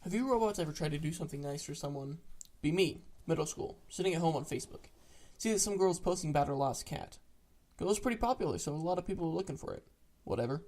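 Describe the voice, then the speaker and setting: Brief: deadpan storyteller, mid-pitched voice, reads dark internet stories with a straight face and plenty of swearing. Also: fast talker. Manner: deadpan, matter-of-fact, casual swearing. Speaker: narrator of internet greentext stories. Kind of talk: reading internet stories aloud.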